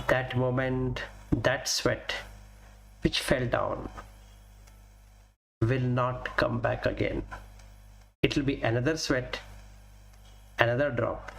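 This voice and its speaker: A man giving a Buddhist Dhamma talk as a teacher, deliberately naming Pali terms and explaining each in plain English with everyday examples. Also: medium pitch, gravelly, fairly bright tone, slight background noise.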